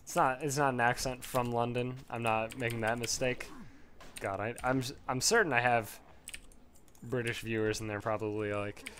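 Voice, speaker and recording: A man's voice: medium pitch, fairly even intonation, moderate pace, a bit bright. Man, mid-range voice, chatty let's-play host who rambles and swears, faint background noise. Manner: rambling, swears freely, laughs often. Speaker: gamer leveling a character. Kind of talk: casual gameplay commentary.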